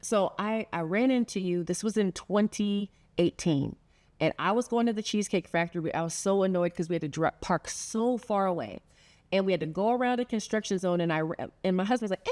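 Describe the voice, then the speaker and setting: A woman's voice: mid-range voice, animated, brisk, darkish tone. A middle-aged woman hosting a heartfelt sit-down conversation, telling a story earnestly and laughing often. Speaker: podcast host.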